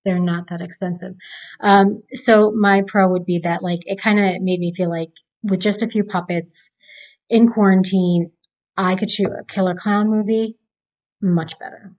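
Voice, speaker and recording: A woman's voice: medium pitch, fairly even intonation, unhurried, a little mellow, dull audio. A woman co-hosting a casual movie review chat, talkative and steering the conversation. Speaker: podcast co-host.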